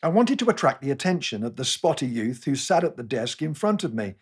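Wry, husky-voiced English preacher. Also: male voice, mid-range voice, sing-song, brisk. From England. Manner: wry, self-deprecating storytelling. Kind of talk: scripted sermon talk with humorous anecdotes.

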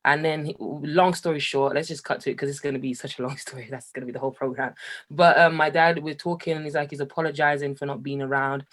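A young man from Jamaica speaks as an interview guest, sharing a candid personal story. He talks in a lively, animated way, laughing often, and his voice climbs higher and louder as he gets excited. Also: quick pace. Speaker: guest, musician.

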